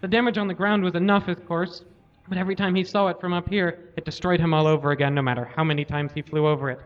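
Casting: male comedy host, deadpan live reader, high voice, lo-fi audio. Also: fast talker. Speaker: comedy podcast host reading aloud. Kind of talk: live reading of fan fiction. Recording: lo-fi live recording.

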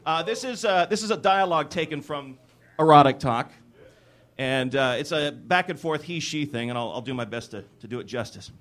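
A man hosts a live comedy podcast and reads from a book, working through long word lists in a deadpan way. He stumbles often and fills the gaps with uhs. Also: fairly high pitch, moderate pace. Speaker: live podcast show presenter. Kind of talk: comic reading from a book to a live audience. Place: stage at a live show.

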